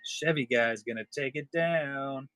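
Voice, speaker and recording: A man's voice: mid-range voice, a little slow, a bit bright, no echo. A man hosting a live-stream card sale, chatting casually and joking with viewers. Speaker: livestream seller host.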